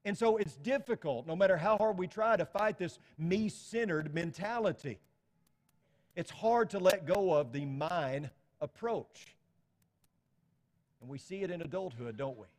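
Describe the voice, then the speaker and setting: A man's voice: sits high, animated, unhurried. A middle-aged man preaching a sermon as pastor, talking to the congregation conversationally with rhetorical questions. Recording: long hall reverb.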